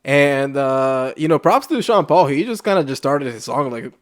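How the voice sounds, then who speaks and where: A man's voice: medium pitch, animated, moderate pace. A man co-hosting a casual podcast chat, rambling with many likes and restarts. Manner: rambling, heavy use of "like", frequent restarts. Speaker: podcast co-host.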